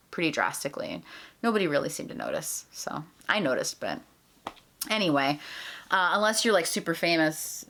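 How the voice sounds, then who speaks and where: A woman's voice: on the low side, fairly bright tone. A woman puppeteer giving casual advice in a rambling, chatty tutorial vlog, full of fillers.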